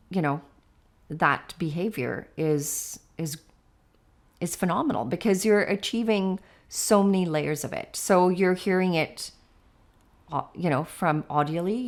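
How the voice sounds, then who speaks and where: A woman with a slightly low voice talks as an educator on a casual podcast. She explains things patiently, one step at a time, and keeps checking in with a quick "right?" When she gets to her examples she turns playful and lively.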